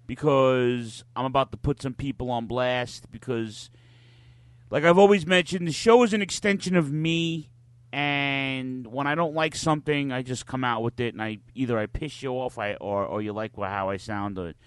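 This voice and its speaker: A man's voice: a little high, a bit bright, clear, resonant tone, no echo. Male podcast co-host, blunt ranting talker, cursing, dry close mic. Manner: blunt, swears freely, ranting. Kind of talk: casual podcast chat.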